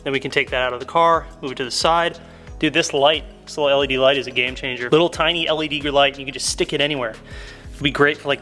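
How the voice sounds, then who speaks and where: A man's voice: a little high, fairly bright tone. A man hosting a casual how-to, talking viewers through each step in a chatty, upbeat way. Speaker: car mod tutorial host.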